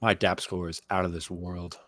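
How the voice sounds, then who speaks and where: Deep-voiced male player. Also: level tone, moderate pace, bright, forceful tone, dry recording. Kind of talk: casual tabletop play.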